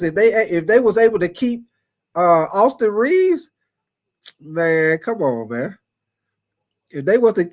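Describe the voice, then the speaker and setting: A high-voiced man runs a sports livestream, chatting casually as he reads super chats and answers viewers by name. He's animated and repetitive, laughing often.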